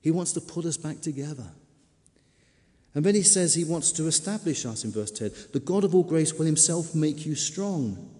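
A male preacher delivers an emphatic sermon, dwelling on key words and repeating them slowly. His voice sits a little high for a man yet sounds mellow and dark. The long reverb of a large hall trails behind every phrase. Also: animated.

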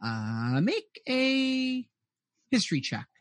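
A man's voice: very high-pitched, huge pitch swings, slow pace, dry recording. A man narrating as game master in a rambling way, full of "uh"s and restarts.

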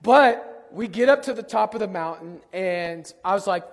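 A man with a hoarse, worn-out voice preaching a sermon, telling self-deprecating stories with jokes. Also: high-pitched, moderate pace, hardly any pauses. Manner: self-deprecating storytelling, lively and joking. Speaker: pastor. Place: church sanctuary. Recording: long hall reverb.

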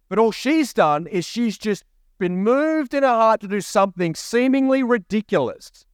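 Pastor preaching a sermon, dry sound. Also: male voice, sits high, animated, moderate pace, clean tone, no echo. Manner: preaching with emphatic repeats and rising questions. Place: church.

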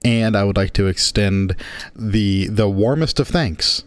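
A man's voice: lowish voice, unhurried, no echo. A man co-hosting a podcast in casual chat, wry and teasing with his partner. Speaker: podcast co-host.

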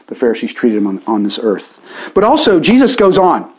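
Lively, animated male preacher. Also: mid-range voice, brisk. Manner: animated, chatty, self-deprecating asides. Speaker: pastor. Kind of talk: conversational sermon.

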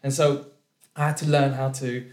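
A man with a British accent telling a comedic true story, animated, restarting sentences and laughing through his lines. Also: medium pitch, normal speed. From France. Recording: roomy echo.

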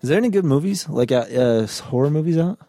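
A man's voice: fairly high pitch, expressive, fast, mellow, no echo, faint music behind. A young man co-hosting a casual podcast chat, blunt and joking, with slangy talk. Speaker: podcast co-host.

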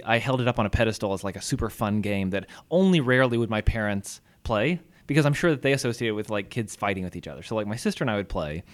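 A man in easy, casual conversation, his pitch rising and falling a lot as he tells stories. He laughs often and talks in a loose, friendly way. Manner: storytelling, laughs often, lively. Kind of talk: casual chat.

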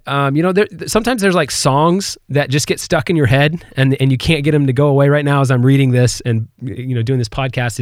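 A man's voice: mid-range voice, no room sound, clean studio sound. A man hosting a podcast, telling a personal devotional story in an earnest, conversational way. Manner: earnest, conversational, animated when retelling. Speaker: podcast host.

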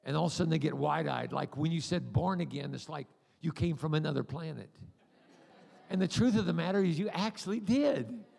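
A high-pitched, gravelly man preaching in a large church hall, his voice trailing off into long reverb. He tells his stories with a rambling, jokey energy and acts out the people in them. He is a middle-aged preacher from the United States. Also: a little fast. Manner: animated, acts out voices and cries; humorous, rambling asides. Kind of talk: sermon with storytelling.

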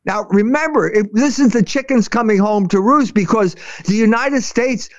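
A man with a high voice for a man pours out passionate commentary, stumbling and restarting as he goes. The sound is dry and close, with no room around it. The recording is a little dull and muffled. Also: no room sound. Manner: impassioned, halting, many restarts. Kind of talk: opinionated commentary chat.

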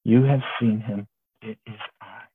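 A man voicing a gentle, calm male teacher who speaks softly and low. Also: a little slow, natural voice. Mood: tender. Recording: tinny phone-like sound, faint hiss.

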